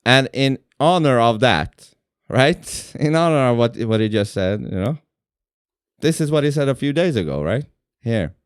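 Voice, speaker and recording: Male streamer, lively swinging pitch, foul-mouthed and defensive, dry close sound. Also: moderate pace, smooth, no room sound. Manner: animated, profane, defensive. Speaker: streamer reacting to a podcast clip. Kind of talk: casual reaction commentary.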